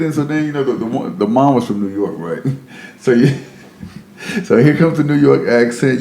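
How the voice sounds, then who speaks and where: A man's voice: medium pitch, expressive, moderate pace, gravelly, a little mellow, echoey room. A man telling a story in a casual podcast chat, loose and rambling, checking in with "right?".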